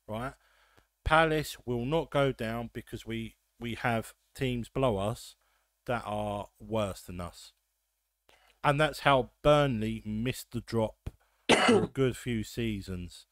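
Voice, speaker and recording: A man hosting a casual football podcast, ranting and swearing with quick asides. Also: mid-range voice, dry recording. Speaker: podcast host.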